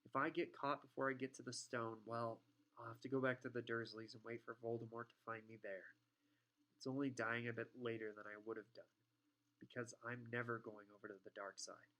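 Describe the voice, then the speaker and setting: A man reading an audiobook, voicing a determined young schoolboy in a low, urgent, earnest tone. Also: little pitch movement, brisk, a bit bright, lightly acted. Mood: defiant.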